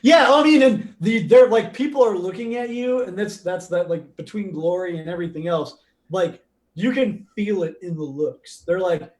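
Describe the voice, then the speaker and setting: A man narrating a tabletop role-playing game as game master, telling the action in a loose, animated way with many fillers. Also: high-pitched, normal speed. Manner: animated, filler-heavy storytelling.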